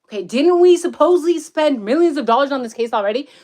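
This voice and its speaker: A woman giving casual livestream commentary outdoors in the woods, profane, excitable and rambling as she reads the chat. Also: high-pitched, fast talker. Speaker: true-crime commentator.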